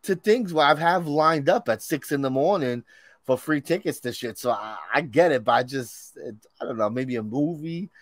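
A man co-hosting a podcast, bouncing quick reactions and casual swearing off his partner in casual chat. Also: on the high side, lively intonation, dry recording. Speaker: podcast co-host. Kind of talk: casual pop culture chat.

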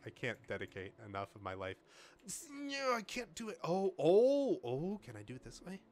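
A man's voice: on the high side, moderate pace. A man streaming a game, joking and laughing as he comments casually. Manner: joking, animated, laughs often, lots of fillers.

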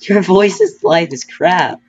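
A man's voice: high-pitched, takes it slowly, muffled recording, faint music behind. A teenage boy chatting casually with a friend while playing a game, joking and trash-talking, his voice cracking often. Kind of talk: casual gaming chat.

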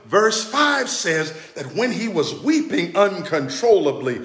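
A male pastor preaches in a high, lively voice that swings widely in pitch. He talks in a slow, deliberate preaching cadence and calls out to his listeners. The sound carries the echo of a church sanctuary. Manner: preaching cadence, rising and falling, calls to the congregation. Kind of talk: sermon.

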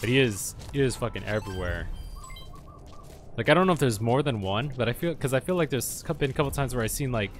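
A man's voice: mid-range voice, fast talker, a little hiss or hum. A man giving let's play commentary on a game, swearing often and yelping at enemies. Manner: profane, excitable, yelps at enemies. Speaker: gamer.

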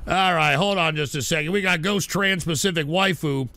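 A man hosting a livestream radio show, ranting profanely about his chat and breaking into abrasive shouting bursts. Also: on the high side, moderate pace, dry recording. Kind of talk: profane on-air rant reading chat.

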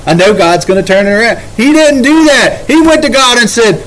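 A man's voice: high voice, animated, moderate pace, few pauses, fairly bright tone, low-quality recording. A man leading a casual Bible study, paraphrasing scripture in everyday words with emphatic, conversational delivery.

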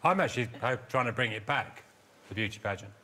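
A man doing deadpan comic bits as a panel show guest. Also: medium pitch, fast talker. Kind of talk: comedy panel show banter. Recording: noisy studio with laughter.

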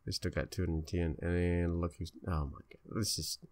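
Low-voiced man commentating his gameplay. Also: steady tone, moderate pace, a little mellow. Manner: chatty, indecisive, talks to his troops. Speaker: gameplay video host. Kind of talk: casual let's-play commentary.

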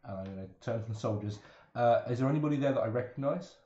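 A man's voice: medium pitch, fast, mellow, muffled recording. A man at a tabletop game talks casually in a mid-range voice, hesitating and restarting as he thinks. The room adds a noticeable echo. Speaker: player. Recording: roomy echo.

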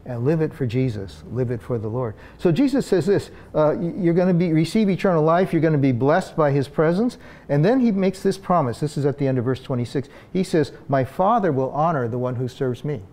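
Male pastor, warm low-toned voice, unscripted sermon delivery, restarts and "uh"s throughout. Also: lively intonation, brisk. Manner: conversational preaching with frequent fillers and restarts.

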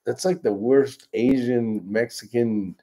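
A man's voice: mid-range voice, slow pace, warm tone. A man co-hosting a casual chat show, cutting in with teasing jokes. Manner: joking, teasing interjections. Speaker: show co-host.

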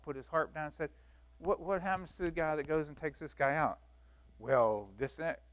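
A man teaching a church Bible lesson in a folksy, animated way, acting out the scenes he tells. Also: on the high side, moderate pace. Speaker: Sunday school teacher.

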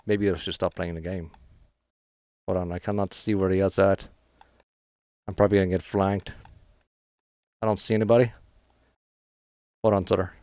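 A man's voice: lowish voice, a little mellow, dry recording, clean studio sound. A man streaming a shooter game, giving frustrated live commentary with trash talk and swearing. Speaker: gaming streamer.

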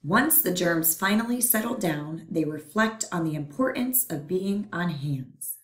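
Woman slowly reading a picture book. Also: on the low side. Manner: playful, expressive reading for children. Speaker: storyteller. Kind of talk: picture book read-aloud. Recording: roomy echo.

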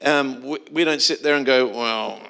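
A man's voice: fairly high pitch, little pitch movement, moderate pace, vocal fry, sharp tone, smooth. A middle-aged man preaching a sermon in a church, telling stories in a conversational way with frequent restarts. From Australia. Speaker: pastor.

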